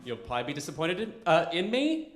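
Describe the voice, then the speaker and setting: A man's voice: fairly high pitch, big pitch swings, fast, echoey room. Arch, effeminate male comic. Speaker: stand-up comedian. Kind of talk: stand-up set.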